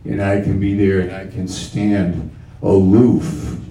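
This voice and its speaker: Male preacher, sermon delivery, unhurried and emphatic; echoey room, mic at a distance. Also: low-pitched, fairly even intonation, warm tone. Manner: slow, emphatic, with repeated phrases. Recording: roomy sound from off-mic.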